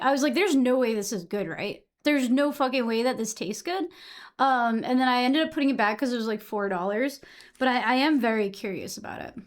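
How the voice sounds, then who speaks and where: A young woman from Massachusetts chatting casually with her stream audience, answering chat messages and swearing freely. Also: high-pitched.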